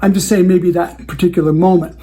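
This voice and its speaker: A man's voice: high voice, steady tone, brisk, dark tone. A man who hosts a show for wedding DJs, talking through client advice in a casual, conversational way and acting out the dialogue he has with clients.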